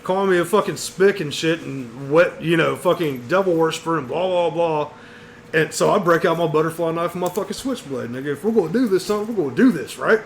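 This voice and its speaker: A man's voice: on the high side, a little fast, creaky, a little hiss or hum. A man telling a long story on a casual podcast, swearing constantly and saying "dude" and "bro" a lot. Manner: profane, rambling, says "dude" and "bro" a lot. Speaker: podcast co-host.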